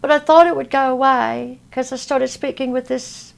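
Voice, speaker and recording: A woman from Texas, a guest in an interview, talking in a halting way with many fillers. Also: sits high, fairly even intonation, gravelly. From Texas, USA. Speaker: interview guest, spiritual healer. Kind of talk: casual interview talk. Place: at a convention.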